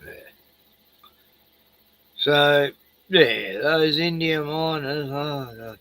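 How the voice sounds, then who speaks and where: A man's voice: fairly high pitch, extremely slow, pauses often, a bit bright, dry recording, low-quality recording. A man in a rambling casual chat, swearing freely, laughing and trailing off mid-sentence. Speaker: host reacting to a video.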